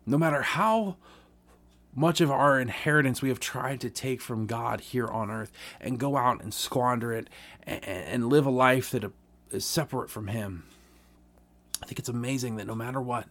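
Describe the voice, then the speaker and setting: A man's voice: medium pitch, moderate pace, fairly bright tone. A man reading a Bible parable aloud, then speaking earnestly about it in a conversational devotional podcast sermon, with frequent restarts. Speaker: podcast preacher.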